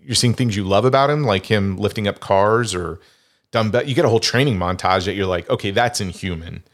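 Rambling middle-aged man, a bit low. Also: brisk. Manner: rambling, restarts phrases often. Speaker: podcast host. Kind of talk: casual chat.

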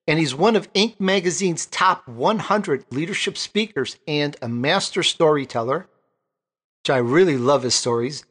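A man's voice: a little high, normal speed, a bit bright, breathy edge. A man hosting a talk show, introducing guests with enthusiasm. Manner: enthusiastic, exclaiming. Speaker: host. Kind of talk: upbeat podcast hosting.

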